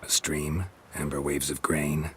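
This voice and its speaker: A terse, deep-voiced monster hunter. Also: male voice, a little slow, a little hiss or hum. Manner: terse, clipped, deadpan. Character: stoic male monster hunter, gruff and terse. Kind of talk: video game dialogue.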